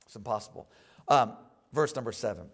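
A male pastor with a husky, mid-range voice preaches animatedly and fairly quickly. He quotes scripture in old King James wording and keeps calling on the congregation for amens in call-and-response style.

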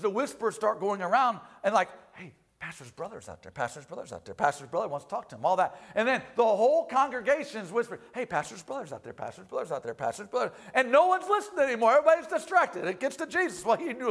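A man preaching to his congregation in a notably high voice. He reads scripture, then explains it with animated energy. He climbs loud for emphasis and drops low and quiet for quoted voices. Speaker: pastor. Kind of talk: sermon. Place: church.

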